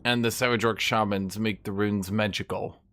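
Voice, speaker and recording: A man's voice: on the low side, steady tone, moderate pace, a bit bright. A man giving casual gameplay commentary as a streamer, rambling and chatting to his cat between remarks. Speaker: gaming streamer.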